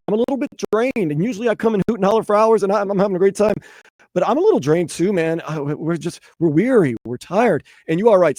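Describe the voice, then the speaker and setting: A man's voice: a little high, a little mellow, dry recording. A man from New Orleans hosting a call-in sports radio show, swinging between weary and fired up.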